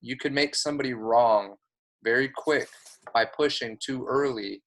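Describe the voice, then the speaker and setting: A man's voice: medium pitch, normal speed, a bit bright. A man coaching a new agent, speaking in an earnest, emphatic and encouraging way. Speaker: sales coach. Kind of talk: coaching talk.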